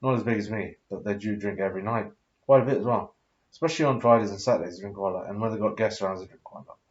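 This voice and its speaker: A man's voice: lowish voice, very fast, darkish tone, muffled recording. A tipsy man in his thirties telling a rambling, sweary story full of fillers and hesitations. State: tipsy after drinking. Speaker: vlogger.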